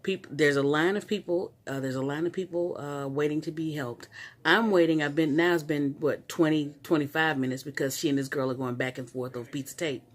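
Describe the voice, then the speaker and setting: An adult vlogger recounts a frustrating errand in an animated, exasperated rant, often tripping over their words and starting sentences again. The voice sits at an ordinary middle pitch and the talk is loose and conversational. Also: fairly quick. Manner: animated, exasperated storytelling with frequent restarts. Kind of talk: casual story-time rant.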